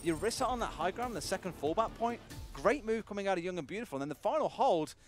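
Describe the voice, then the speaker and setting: A man with a high voice breaks down an esports match at a fast clip. He is chatty and throws in jokes. He speaks into a headset, and loud music plays behind him. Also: expressive. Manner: rapid, chatty analysis with jokes. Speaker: esports analyst commentator. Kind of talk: live color commentary.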